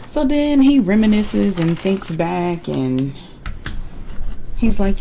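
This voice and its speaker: A woman's voice: medium pitch, animated, slow, gravelly, warm tone, slight background noise, poor audio. A young woman casually recapping a reality show episode, chatty and opinionated, with colloquial slang.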